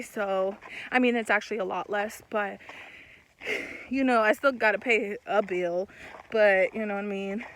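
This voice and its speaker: High-voiced young woman telling a story. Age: young adult. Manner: animated, swearing, laughs mid-story, acts out quotes. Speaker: vlogger. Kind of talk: casual storytime.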